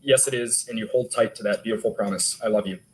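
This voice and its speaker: A man's voice: fairly low pitch, steady tone, fast, darkish tone, slight background noise, rough recording. A male detective testifying in court, steadily reading text messages aloud. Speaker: detective witness.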